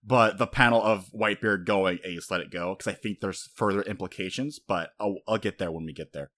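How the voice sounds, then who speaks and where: A man co-hosting a casual podcast, rambling and animated as he retells story scenes, slipping into quoted voices. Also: sits low, fairly quick. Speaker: podcast co-host. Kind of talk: casual anime discussion.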